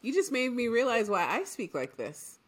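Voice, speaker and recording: Polished journalist woman, newscaster-smooth delivery. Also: a little high, big pitch swings, moderate pace, a bit bright. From Trinidad. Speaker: journalist, podcast co-host. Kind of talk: casual conversation.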